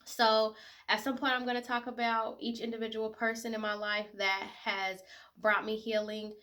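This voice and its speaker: Young woman in her 20s vlogging, bright voice, emotional, lots of likes and ums. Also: on the high side, flat delivery, moderate pace. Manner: emotional, tearful at times, many fillers. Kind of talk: casual personal talk to camera.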